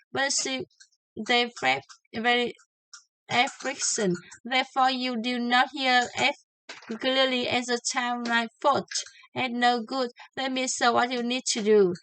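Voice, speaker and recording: A woman teaching English pronunciation, slowly and deliberately, repeating each example word several times. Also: fairly high pitch, bright, forceful tone, a little hiss or hum, low-quality recording. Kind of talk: slow pronunciation lesson with drilled example words.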